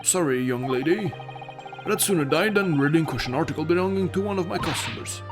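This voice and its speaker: A man's voice: on the high side, animated, a little fast, music in the background, natural voice. A man voicing a polite, stubborn old male pawnbroker who speaks in a formal, old-fashioned way. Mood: stiff, polite.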